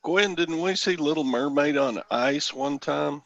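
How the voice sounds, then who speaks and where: A man chats on a morning radio show in an easygoing way, his voice full of gravelly fry. He talks slowly, and the sound is a little dull and muffled. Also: fairly high pitch, fairly bright tone, no echo. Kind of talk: casual radio chat.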